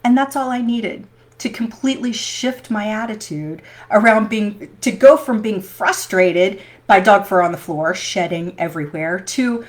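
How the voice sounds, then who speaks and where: A woman vlogger telling personal stories in a chatty, animated way, laughing often. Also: mid-range voice, measured pace. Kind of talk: personal storytelling vlog.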